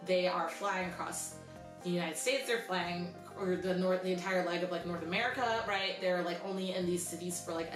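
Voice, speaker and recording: A young woman telling a story in a casual vlog, chatty and animated, with "like" in nearly every sentence. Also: lowish voice, reverberant. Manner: chatty, animated, heavy use of "like". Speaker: vlogger.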